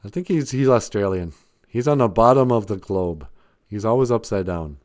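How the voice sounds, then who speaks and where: A man's voice: lowish voice, lively intonation, normal speed, darkish tone. A man hosting a casual live stream, rambling and jokey, laughing often and trailing into fillers.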